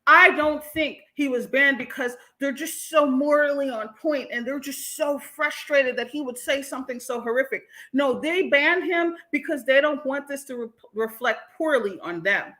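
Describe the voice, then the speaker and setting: A woman with a high, bright voice holds forth on her livestream, answering her chat as she goes. She talks bluntly and heatedly and swears freely. Her tone is sharp and forceful. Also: moderate pace, hardly any pauses. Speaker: host.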